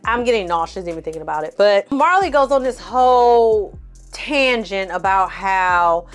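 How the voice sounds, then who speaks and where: A woman's voice: mid-range voice, animated, normal speed, soft background music. A woman host giving a casual, blunt movie recap, full of swearing and exasperated asides, acting out the characters' lines. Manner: blunt, profane, exasperated storytelling with acted-out quotes. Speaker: film review host.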